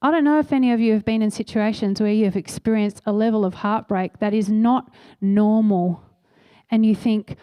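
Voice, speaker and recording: A woman's voice: medium pitch, fairly quick, warm tone, clear, resonant tone, no echo. A woman preaching a sermon in a church, telling a story earnestly and acting out the voices she quotes.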